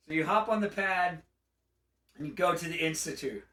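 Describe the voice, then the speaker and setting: A man co-hosting a casual gaming chat, recapping a game with animated storytelling and funny put-on character voices. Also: a little high, moderate pace, reverberant, far from the mic. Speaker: podcast co-host.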